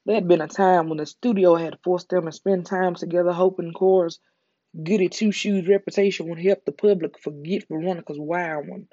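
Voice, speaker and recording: Mellow Southern US ASMR storyteller. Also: medium pitch, no room sound. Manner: calm, slow, soothing reading. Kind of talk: soft ASMR story reading. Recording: dull lo-fi recording.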